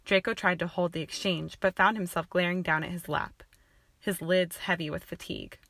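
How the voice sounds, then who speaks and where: A woman narrating a fan-fiction audiobook with an even, steady reading. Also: on the low side, normal speed, dry recording.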